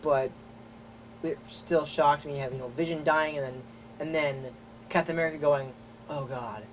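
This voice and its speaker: A man hosting a podcast, chatting casually and excitedly, rambling with lots of fillers and acted-out reactions. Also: on the high side, moderate pace. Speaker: podcast host. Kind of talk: casual chat. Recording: dull lo-fi audio with faint noise.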